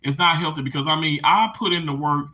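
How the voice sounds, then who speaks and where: A man live streaming casually to his chat, emotional and animated, laughing and tearing up as he talks. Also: a little high, fast talker.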